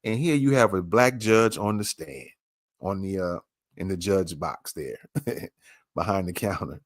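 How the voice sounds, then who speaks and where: A man's voice: low-pitched, unhurried, no echo, studio quality. A man hosting a podcast, commenting on a clip with emphatic, repeated rhetorical questions. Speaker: podcast host.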